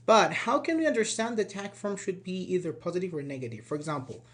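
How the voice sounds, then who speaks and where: A man giving an online English grammar lesson, lively and full of rhetorical questions to the viewer. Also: high voice, fairly quick, hardly any pauses. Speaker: English teacher.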